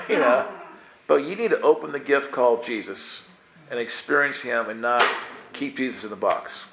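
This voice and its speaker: A man giving casual, playful Bible teaching, acting out the characters in quick voices. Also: mid-range voice, expressive, background noise.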